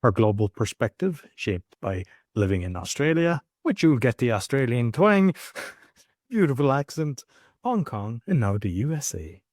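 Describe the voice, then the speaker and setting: A man's voice: medium pitch, sing-song, measured pace, darkish tone, dry recording, clean studio sound. An Irish man hosting a podcast interview, talking informally with rambling asides. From Ireland. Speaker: podcast host.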